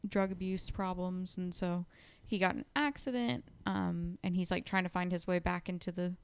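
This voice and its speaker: A young woman co-hosts a podcast, chatting casually and recounting book plots with plenty of "like" and "um." Her voice is lowish, smooth and steady, at a normal speed.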